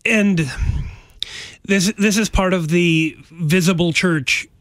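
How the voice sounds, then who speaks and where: Higher-pitched pastor, earnest and emphatic, close dry mic; theology talk. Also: male voice, slow, a bit bright, no room sound. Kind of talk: theological discussion.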